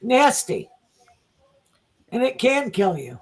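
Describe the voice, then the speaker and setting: A man's voice: very high-pitched, very animated, slow pace, slightly rough, poor audio. A man giving psychic readings on a casual live podcast, answering in short agreeing replies and stating predictions matter-of-factly. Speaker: psychic reader.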